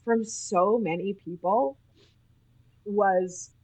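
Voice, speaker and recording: A woman from Utah, a nurse, telling animated stories as a podcast guest, often laughing and acting out what people said. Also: medium pitch, drawn-out words, breathy edge, poor audio. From Utah, USA. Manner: animated, laughing, acts out quoted speech. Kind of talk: casual interview storytelling.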